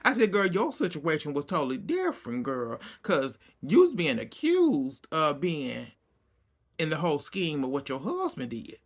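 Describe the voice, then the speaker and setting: Animated man recapping a TV episode. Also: a little high, normal speed. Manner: animated storyteller, acting out quotes, frequent laughter. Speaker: reality TV recap host.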